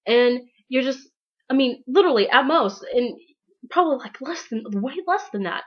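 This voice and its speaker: A woman's voice: high voice, animated, moderate pace, lo-fi sound. A woman vlogging to camera in a casual, rambling monologue, gushing and acting out her own thoughts.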